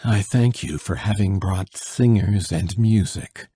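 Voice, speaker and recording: A man's voice: sits low, slow pace, warm tone, slightly rough, no room sound, clean studio sound, full character voice. A male reader voicing a dying old nobleman who speaks weakly but insistently. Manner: weak, insistent and secretive.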